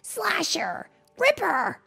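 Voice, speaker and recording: Lady doing a tiny spook ghost thing, high shrill shrieks, kinda gravelly. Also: huge pitch swings, very slow, pushed and bright, faint music behind, exaggerated voice. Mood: shrieking. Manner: shrill accusing cries, hissing. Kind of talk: storybook read-aloud voice.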